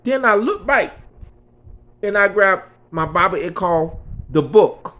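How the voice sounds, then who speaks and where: Animated older man telling a story. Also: high-pitched, a little slow, dull audio. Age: 60s. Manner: earnest, conversational, animated storyteller. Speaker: author. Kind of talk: spiritual storytelling monologue.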